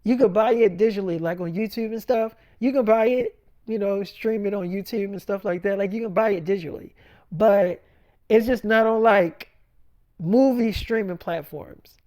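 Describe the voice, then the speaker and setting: A man's voice: high-pitched, normal speed, darkish tone, dry recording. A man telling a rambling made-up story in casual, profane speech. He acts out both sides of conversations, switching between "I'm like" and "she's like".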